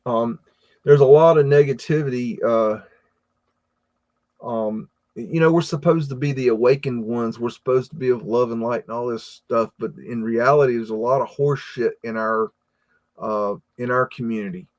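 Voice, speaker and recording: An American man hosting a live stream, chatting casually and reading viewer comments, with a rambling, halting delivery full of repeated words and fillers. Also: mid-range voice, fairly even intonation, darkish tone, muffled recording. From United States. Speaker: livestream host reading chat.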